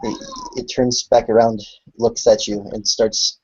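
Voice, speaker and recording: A man running a tabletop horror game as game master, narrating in a halting way full of "uh" and "you know" over a video call. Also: mid-range voice, little pitch movement, a little mellow, slightly rough. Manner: hesitant, full of filler words. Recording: lo-fi online call audio.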